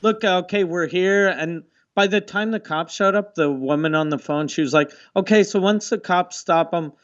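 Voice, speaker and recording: A man's voice: high-pitched, moderate pace, clear, resonant tone, dull audio. A man co-hosting a comedy podcast, telling profane, laid-back stories in casual chat. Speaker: podcast co-host.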